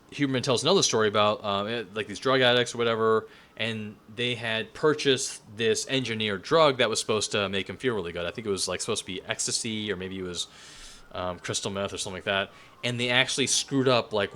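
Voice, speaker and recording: A man's voice: lowish voice, a bit bright. A man giving a casual spoken lecture, talking loosely with plenty of fillers and restarts.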